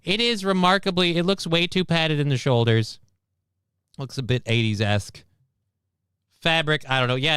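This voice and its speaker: A man's voice: mid-range voice, sharp tone, smooth, dry recording, clean studio sound. Blunt, sarcastic male streamer. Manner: blunt, sarcastic, swears often. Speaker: livestream host. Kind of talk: casual commentary reacting to news clips.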